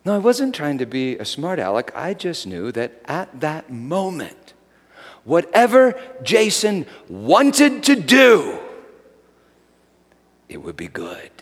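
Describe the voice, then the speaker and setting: A man preaching a sermon as a pastor, shifting from dramatic storytelling to soft, meditative guidance. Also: mid-range voice, very animated, normal speed, few pauses, breathy edge. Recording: long hall reverb.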